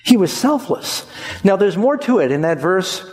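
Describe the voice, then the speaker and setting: A man preaching a sermon in an animated way, leading the congregation to repeat lines back to him. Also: high voice, normal speed, in a large hall.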